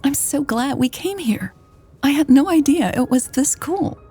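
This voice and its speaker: A woman voicing a shy, excitable young woman who talks softly and breathily, lifting with wonder. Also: mid-range voice, moderate pace, husky, soft background music, voice pushed up. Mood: excited, awed.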